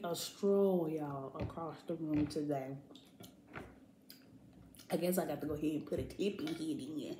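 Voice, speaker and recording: A woman's voice: sits low, echoey room, noisy background. A woman, chatting casually to her viewers while eating. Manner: chatty, relaxed, laughs often. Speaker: family vlogger. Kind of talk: casual mukbang chat.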